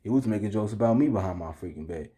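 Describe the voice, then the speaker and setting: Young man, low pitch, dark warm tone, casual vlog storytelling, slangy, heated. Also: lively intonation, fast. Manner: slangy, keeps asking "you feel me", heated when retelling. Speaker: vlogger.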